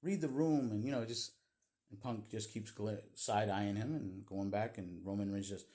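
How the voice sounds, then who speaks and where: A man's voice: fairly low pitch, steady tone, normal speed, darkish tone. A man giving a casual, opinionated recap of a wrestling show in a chatty storytelling way. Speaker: wrestling vlogger.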